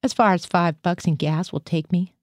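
A woman's voice: fairly low pitch, moderate pace, no echo, studio quality, lightly acted. A woman reading the lines of a scruffy young male Marine who has gone AWOL, slangy and profane. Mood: loose.

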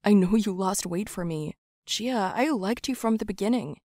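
A woman doing a calm, teasing teenage boy. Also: moderate pace, dry recording, clean studio sound, natural voice. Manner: calm, low-key and teasing.

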